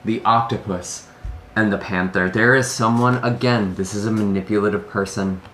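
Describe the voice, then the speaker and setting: A man with a fairly low voice gives a heartfelt tarot reading and sighs between his thoughts. The room is echoey, and a faint noise sits under his voice. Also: steady tone, moderate pace, a bit bright. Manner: earnest and emotional, sighs often between thoughts. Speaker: tarot reader. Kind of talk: solo tarot reading to camera.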